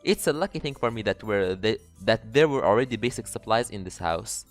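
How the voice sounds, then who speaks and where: A man commentating a game as he reads it aloud, jokey and prone to swearing. His pitch bounces all over the place, with faint music playing under him. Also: lively intonation, brisk. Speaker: let's player.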